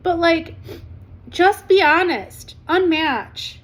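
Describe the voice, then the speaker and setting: A woman in her forties with a bright, high-pitched voice talks straight to camera. She is blunt and animated, with swearing scattered through her talk. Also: takes it slowly. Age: 40s. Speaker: vlogger.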